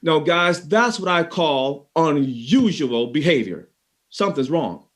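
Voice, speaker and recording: Animated motivational speaker, a man. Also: fairly high pitch, slow. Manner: animated storyteller, addresses the audience directly. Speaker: keynote speaker on management. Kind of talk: motivational talk.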